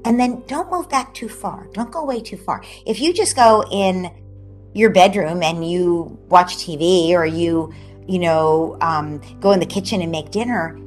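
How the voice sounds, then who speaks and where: Animated woman explaining parenting advice. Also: lowish voice, measured pace, faint music behind. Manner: animated, acts out parent and child voices, often tags "right?". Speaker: parenting expert guest. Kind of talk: explaining advice in an online interview. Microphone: video call.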